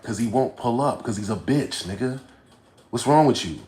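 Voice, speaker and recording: A man hosting a livestream, reading chat aloud and reacting bluntly, swinging between low mutters and loud outbursts. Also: lively intonation, normal speed, roomy sound. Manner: blunt, profane, confrontational. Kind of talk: casual livestream rant.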